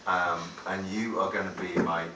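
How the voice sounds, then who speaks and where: Recorded from a distant audience camera in an echoey gig hall, a singer-songwriter talks to the crowd between songs, rambling, hesitant and swearing freely. His low voice sounds pushed and bright, with fairly even intonation and a moderate pace, over slight background noise.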